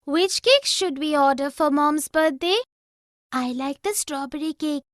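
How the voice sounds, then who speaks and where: A woman's voice: high voice, measured pace, dry recording, studio quality. A woman voicing an eager young girl who exclaims and chats in a lesson dialogue. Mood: chatty. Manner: exclaiming, excitable.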